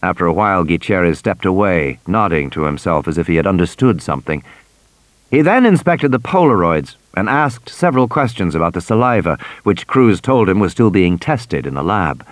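A man narrating an audiobook in an expressive storytelling manner. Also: low-pitched, moderate pace, no room sound. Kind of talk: scripted narration.

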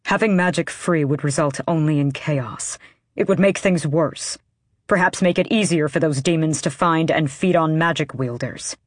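A woman's voice: sits low, moderate pace, no echo, clean studio sound. A woman voicing a stern young man who is blunt and accusing, with clipped, curt delivery. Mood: grim. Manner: curt, clipped, speaks through his teeth.

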